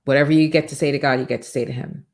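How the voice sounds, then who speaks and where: Low-voiced fervent woman preaching motivation. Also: fairly even intonation, rapid-fire, darkish tone. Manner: fervent and preachy, with rhetorical questions and repetition. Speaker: host of a motivational morning show. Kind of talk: live faith-based motivational talk.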